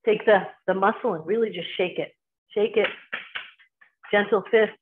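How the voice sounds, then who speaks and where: Leading a qigong class, this female instructor speaks in a New Jersey accent and times brief cues to every movement of the guided exercise. Her voice sits in the mid-range at a normal speed. Background noise is present, and the audio has a thin, phone-like quality.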